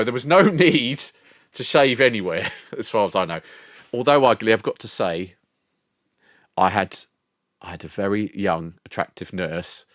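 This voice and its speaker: A man's voice: on the low side, fairly bright tone, no echo, studio quality. Rambling, sweary older man. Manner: rambling and sweary, laughs often. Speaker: live streamer. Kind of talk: casual chat with live chat.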